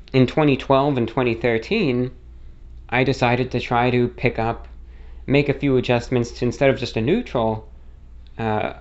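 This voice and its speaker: A man's voice: medium pitch, highs cut off. A young man with a mid-Atlantic-style accent blending non-rhotic and New York traits, talking casually to his channel, rambling with fillers and self-corrections. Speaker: YouTuber. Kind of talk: casual spoken monologue.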